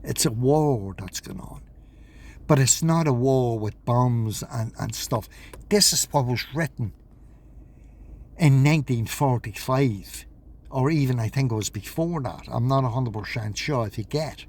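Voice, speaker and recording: A man's voice: mid-range voice, a little slow, darkish tone. A man talking in a rambling vlog monologue, agitated, swearing and repeating himself. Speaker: vlogger.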